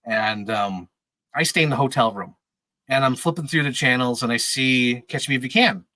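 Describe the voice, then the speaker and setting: Speaking at normal speed with a mid-range voice and a sharp tone, a thirty-something man chats on a podcast he's a regular on. He tells loose, rambling stories, laughing a lot and cursing freely. The recording is rough and has no room sound.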